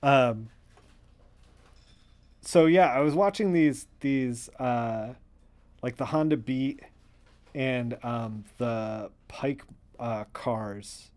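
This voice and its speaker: A man streaming as he colors comic art, chatting casually in a rambling, excitable way with many fillers. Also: medium pitch, drawn-out words, pauses often. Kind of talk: casual livestream chat.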